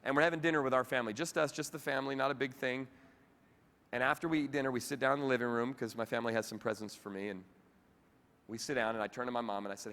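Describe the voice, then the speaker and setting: A man giving a keynote speech on stage, telling a heartfelt story with animated delivery. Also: mid-range voice, quick pace. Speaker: keynote speaker. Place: large convention hall, on stage. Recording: echoey convention hall.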